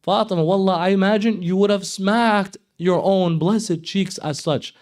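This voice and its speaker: A man preaching at a mourning gathering, moving between impassioned English teaching and chanted Arabic recitation, often dropping to a hushed, grieving tone. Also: high voice, a little slow, few pauses. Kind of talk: sermon. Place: Islamic center hall, live gathering.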